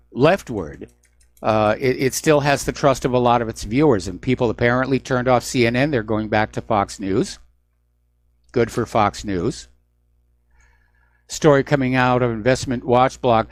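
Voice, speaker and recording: A man's voice: mid-range voice, no room sound. A man hosting a radio news talk show, delivering an emphatic, indignant commentary monologue.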